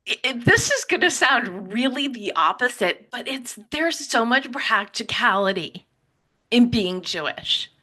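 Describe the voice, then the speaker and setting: A woman speaks as an interview guest in a bright, forward voice. She is reflective and heartfelt, and her sentences run on quickly with frequent restarts. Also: fairly high pitch, sing-song, low-quality recording. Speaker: podcaster and writer, interview guest. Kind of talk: heartfelt conversational interview answers.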